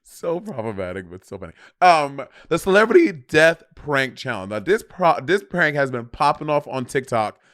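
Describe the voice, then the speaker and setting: A man in his thirties co-hosting a casual chat, expressive and quick to laugh. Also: on the high side. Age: 30s. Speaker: podcast co-host.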